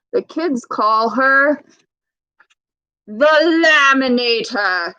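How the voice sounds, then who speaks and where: A woman reading a children's picture book aloud, pausing to point out words and ask young listeners questions in a clear, teacherly way. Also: on the high side, fairly bright tone, muffled recording.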